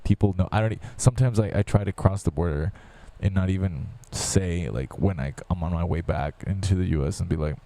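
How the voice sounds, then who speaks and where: Man from the US, very deep voice, dark tone, profane rambling vlog rant. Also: fairly quick, hardly any pauses. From United States. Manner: profane, rambling, with many restarts. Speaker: vlogger. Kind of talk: casual rant.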